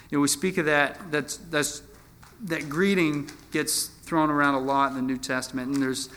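Bright-voiced man preaching casually. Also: fairly high pitch, steady tone, moderate pace. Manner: conversational, folksy preaching with fillers. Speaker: pastor. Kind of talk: sermon.

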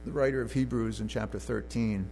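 A man's voice: medium pitch, steady tone, fairly quick, gravelly, dark tone, slight background noise. A man preaching a conversational sermon in a church, reading scripture aloud and then explaining it in plain talk.

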